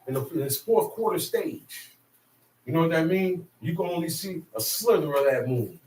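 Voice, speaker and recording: Guy preaching call and response, kinda high voice, far off from the mic, lots of echo. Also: expressive, normal speed, darkish tone. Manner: rhetorical questions, emphatic and colloquial. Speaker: street preacher. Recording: echoey, distant mic with faint ambient noise.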